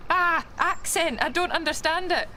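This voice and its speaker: A woman's voice: very high voice, moderate pace, pushed and bright, slight background noise. A woman with a Scottish accent playing a flustered witness in a TV drama who stammers and then gets exasperated. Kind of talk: TV drama acting.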